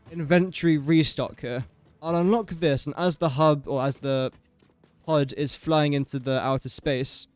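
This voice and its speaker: A young man casually commentating his gameplay on a livestream, chatty and joking at his own expense. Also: fairly high pitch. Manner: chatty, self-mocking, joking asides. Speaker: gaming livestreamer.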